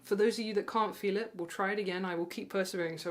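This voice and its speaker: A woman teaching guitar online, talking warmly and counting the beats aloud while she plays. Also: medium pitch, steady tone, quick pace, few pauses. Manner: encouraging, counts aloud, chuckles at herself. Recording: loud guitar under the voice. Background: guitar playing.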